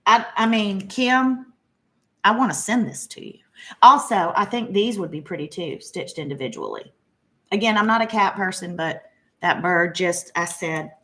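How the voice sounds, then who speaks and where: A woman's voice: medium pitch, fairly bright tone. A middle-aged woman, chatting casually and gushing as she shows off her cross-stitch haul. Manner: chatty and gushing, many fillers. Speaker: flosstube host. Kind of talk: casual chat showing cross-stitch purchases.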